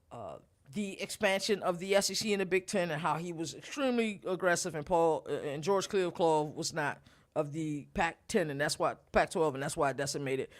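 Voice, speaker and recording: A young man hosting a casual college sports talk show, animated and rambling, with lots of shout-outs. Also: fairly high pitch. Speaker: podcast host.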